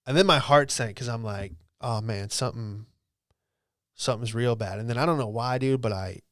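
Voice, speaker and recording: Guy in his late 20s telling a story on his podcast, super casual, swears a lot, says dude constantly, smooth voice. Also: medium pitch, normal speed, a bit bright, dry recording, studio quality. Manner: laid-back, swears freely, peppered with "dude" and "like". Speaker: podcast host.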